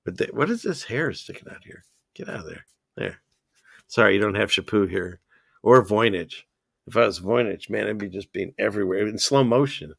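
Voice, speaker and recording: A man hosting a livestream, chatting casually and excitably as he reads out viewer comments and drifts between topics. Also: lowish voice, moderate pace, creaky, breathy edge, dry recording, clean studio sound. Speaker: livestream host.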